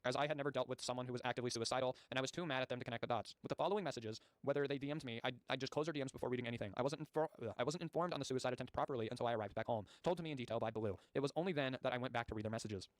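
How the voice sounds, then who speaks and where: A male streamer who rattles through chat logs at a breakneck clip and cuts in with blunt, profane asides. His voice sits at an ordinary middle pitch. It sounds dry and close, with no room around it. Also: dry recording. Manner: rapid, blunt, swears casually. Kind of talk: reading chat logs aloud with commentary.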